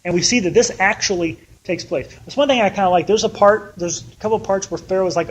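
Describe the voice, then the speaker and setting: A man's voice: high voice, quick pace, slight background noise, poor audio. A man teaching a casual Bible study, chatty and conversational, often acting out the people he quotes.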